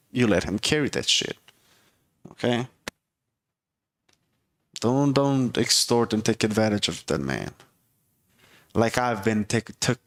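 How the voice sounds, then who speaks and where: A man's voice: medium pitch, vocal fry, a bit bright. A man hosting a casual comedic rant with dating advice, blunt and profane, who keeps driving his points home with "okay?". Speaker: host giving dating and relationship advice.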